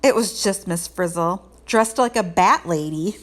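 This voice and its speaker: A woman reading a children's picture book aloud in an expressive, lilting storytelling way. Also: lowish voice, measured pace. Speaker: read-aloud host.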